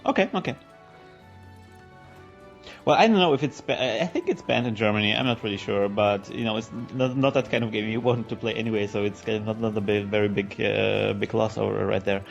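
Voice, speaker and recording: Man co-host, gravelly, lots of fillers, faint music. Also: on the low side, lo-fi sound. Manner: halting, filler-heavy questions. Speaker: podcast co-host. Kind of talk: casual chat over gameplay.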